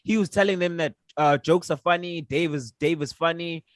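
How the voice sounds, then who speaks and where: A man's voice: a little high, moderate pace, dry recording, clean studio sound. A man co-hosting a casual podcast, telling a story in a heated, emphatic, profane way. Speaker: podcast co-host. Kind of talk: casual chat.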